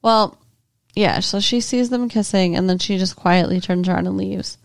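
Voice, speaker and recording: A woman's voice: medium pitch, moderate pace, creaky. A woman co-hosting a podcast, chatting casually through a TV episode recap and laughing often. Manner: laughs often, questions co-host's takes. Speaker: podcast co-host.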